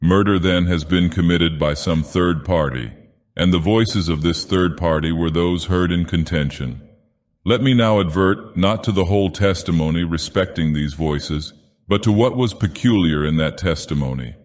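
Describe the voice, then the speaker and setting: Male actor as a brooding divine villain narrating a tale, very low voice, long cavernous reverb. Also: moderate pace, close to an everyday voice. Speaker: audiobook narrator. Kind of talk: storybook narration in character.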